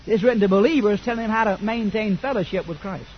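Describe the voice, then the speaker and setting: An older man, preaching a sermon that swings from quiet asides to loud fervent declaration. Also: high-pitched, fast talker, highs cut off, slight background noise.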